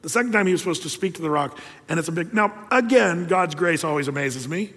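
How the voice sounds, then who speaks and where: A male pastor preaching a sermon, telling the story with lively energy and rhetorical questions. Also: on the high side, quick pace, big-room sound.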